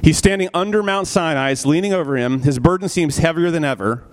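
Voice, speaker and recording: A man's voice: on the high side, a little fast. A man teaching a church Bible study class in a conversational way, asking the group questions, often adding "right?", and briefly acting out the characters he quotes. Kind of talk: interactive church class lecture.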